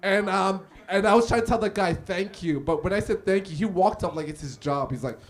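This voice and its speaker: A man's voice: high-pitched, brisk. A man performing a live stand-up set in a small cafe, telling stories and acting out the people in them. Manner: animated, acts out characters in his stories. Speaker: stand-up comedian. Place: small cafe comedy stage.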